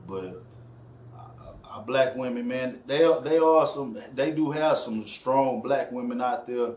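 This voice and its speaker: A man's voice: medium pitch, measured pace, a little mellow. A man being interviewed who talks in a rambling way, with lots of fillers. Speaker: interview guest. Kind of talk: casual interview talk. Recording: echoey room with faint ambience.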